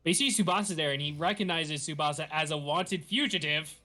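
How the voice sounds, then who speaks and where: Man, podcast host, high bright voice, giggly, animated recap. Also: fairly quick. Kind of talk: casual chat recapping a show.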